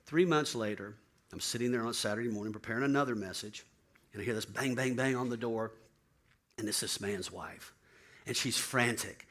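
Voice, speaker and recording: A man's voice: mid-range voice, brisk. A man who is a pastor, telling a personal story in a sermon and acting out the voices of the people in it. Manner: animated storyteller, acts out quoted voices.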